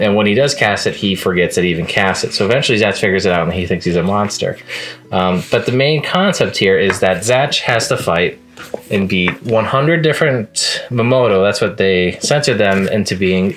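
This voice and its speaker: A man's voice: low voice, a bit bright. A man talking casually in a manga review vlog, chatty and amused, often laughing at the scenes he recaps.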